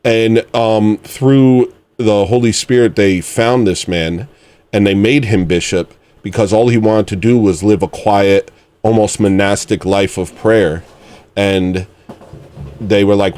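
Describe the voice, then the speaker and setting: Man, 40s, livestream host; low voice, rambling musings with a mock-serious edge. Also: fairly even intonation, slow pace, a little mellow, clean tone. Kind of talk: casual livestream chat.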